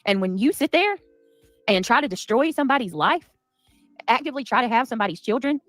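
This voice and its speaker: Woman host, high and lively voice, sassy and chatty, with faint music underneath. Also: fast, no room sound, low-quality recording. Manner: chatty, sassy, thanks viewers by name. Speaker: livestream host. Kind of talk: casual livestream commentary.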